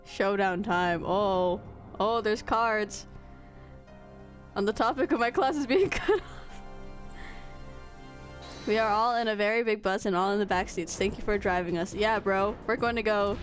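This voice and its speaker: A woman streaming a game, chatting casually with her viewers and poking fun at herself. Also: mid-range voice. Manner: chatty, self-mocking, quick to laugh.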